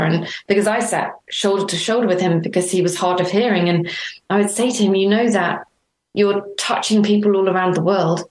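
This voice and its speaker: Earnest middle-aged woman in a roomy space. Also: medium pitch. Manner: earnest, warm storytelling with quoted dialogue. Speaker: interview guest. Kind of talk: reflective conversational interview. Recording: roomy echo.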